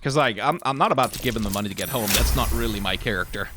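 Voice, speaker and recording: A man hosting a let's play, giving casual gameplay commentary with animated, joking asides. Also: on the low side, racing, over music.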